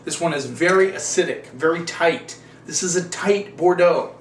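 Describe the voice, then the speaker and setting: Male wine show host, casual and rambling, slightly high voice, recorded roomy and off-mic with faint ambience. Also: moderate pace, far from the mic, a little hiss or hum. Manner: folksy, rambling, self-correcting. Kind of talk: casual wine tasting talk.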